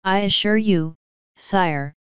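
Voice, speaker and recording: A woman reading an audiobook, voicing a formal, unctuous high priest. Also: slow, smooth, dry recording, dull audio, close to an everyday voice. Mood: smooth. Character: solemn older male high priest, smooth and controlling.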